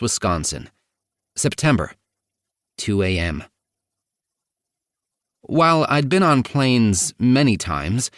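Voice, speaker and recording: A man narrating a first-person memoir audiobook in a measured, even reading. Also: mid-range voice, no room sound, studio quality.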